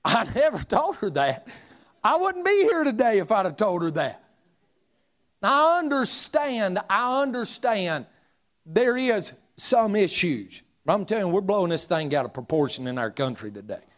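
A middle-aged man preaching a fiery sermon, shouting some points and dropping to a hush on others. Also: sits high, very animated, normal speed. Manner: preaching with shouted emphasis and sudden drops to a hush. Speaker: pastor.

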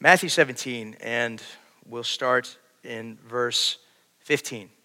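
A man preaching a sermon, shifting between quiet storytelling and loud, urgent preaching. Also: mid-range voice, slow. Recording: long hall reverb.

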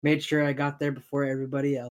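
A man playing in a tabletop game, breezy and quick with in-character replies. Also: mid-range voice, monotone. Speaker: player. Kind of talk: tabletop role-play.

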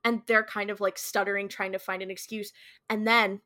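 Young woman chatting thru a show recap, bright voice, lots of likes and ums. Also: mid-range voice, level tone, brisk. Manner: chatty retelling with quoted dialogue, many likes and ums. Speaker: podcast co-host. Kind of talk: casual episode recap.

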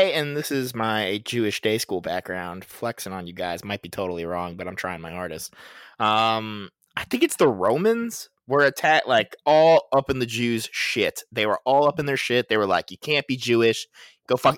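Animated young man, podcast banter. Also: fairly low pitch, normal speed, no echo, studio quality. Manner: animated storyteller, swearing casually. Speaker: podcast co-host.

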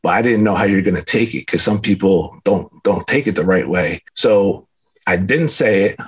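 A man in his thirties tells his faith testimony in a relaxed, conversational way. His voice is fairly low and a little husky, and he slips into quick acted-out dialogue as he goes. He sounds earnest and full of casual fillers. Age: 30s. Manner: earnest, casual, animated retelling with filler words. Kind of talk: personal testimony storytelling.

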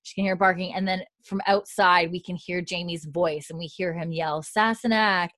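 A woman's voice: lowish voice, little pitch movement, moderate pace, fairly bright tone, dry recording. A woman co-hosting a podcast, recapping a TV episode in a chatty way full of fillers. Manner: chatty, lots of likes, swears casually. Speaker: podcast co-host.

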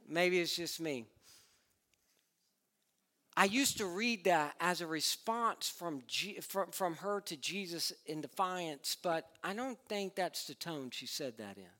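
A man preaching a sermon with passion, moving between loud, building declarations and hushed tones, and driving his points home with repetition. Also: high voice. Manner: uses repetition and builds to climaxes.

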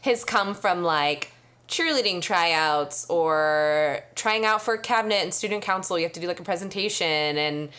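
A woman's voice: lowish voice, normal speed, fairly bright tone. A young adult woman co-hosting a podcast, slightly nasal, chatting and laughing often. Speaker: podcast co-host. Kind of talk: casual chat.

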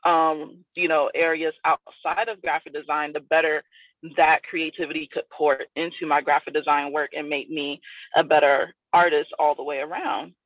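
Here a female guest artist from South Florida talks casually in an interview, rambling along with lots of "like" and "you know" fillers. Her low voice barely shifts in pitch and moves at a moderate pace. The audio is dry and tinny, as if over a phone.

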